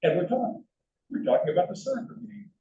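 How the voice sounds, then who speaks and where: This older man's voice sits high and gravelly, and he talks fast over some background noise. Telling animated anecdotes in a slide lecture, he frequently restarts sentences, heard through a distant, dull, roomy hall recording.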